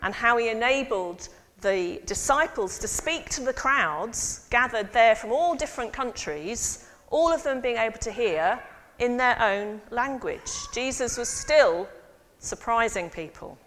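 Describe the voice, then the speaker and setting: A woman priest giving a lively sermon and involving her congregation. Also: a little high, measured pace. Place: church. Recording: long church reverb.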